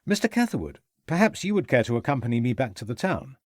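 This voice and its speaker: A man's voice: medium pitch, big pitch swings, quick pace, darkish tone, no echo, studio quality, lightly acted. Man playing a courteous police inspector. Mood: measured.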